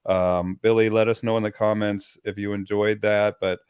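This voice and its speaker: A man hosting a casual dog-training talk, telling stories in an animated way and swearing casually. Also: fairly low pitch, moderate pace, clean tone, dry recording. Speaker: host. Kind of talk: casual chat.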